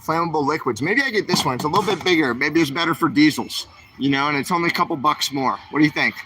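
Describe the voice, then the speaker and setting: A man's voice: fairly high pitch, fast talker, pushed and bright, slight background noise. A man, streaming while he walks the aisles of a store, chatting and asking his viewers questions. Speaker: vlogger. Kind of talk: livestream vlog while shopping.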